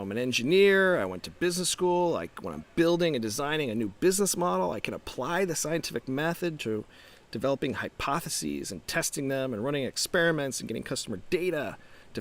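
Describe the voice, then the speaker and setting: Man, middle-aged, mid-pitched voice, very lively intonation, reflective motivational chat. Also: fairly quick. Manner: animated, reflective, with frequent restarts and rhetorical questions. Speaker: startup founder and coach. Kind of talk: casual motivational talk to camera.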